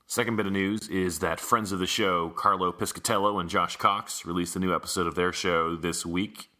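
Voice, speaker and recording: A man's voice: sits low, steady tone, normal speed, pushed and bright. A man hosting a podcast, giving a casual, wry, matter-of-fact news rundown. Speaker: podcast host.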